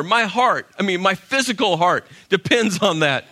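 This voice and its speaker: Male pastor, high bright voice, animated sermon storyteller. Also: moderate pace, few pauses. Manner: animated storyteller, acts out his own inner dialogue.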